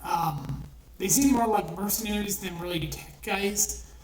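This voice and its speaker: Speaking a little slowly at medium pitch, a woman tears into a movie with blunt, profane frustration, restarting again and again. The recording has room echo, faint noise, and her voice sits slightly far from the microphone.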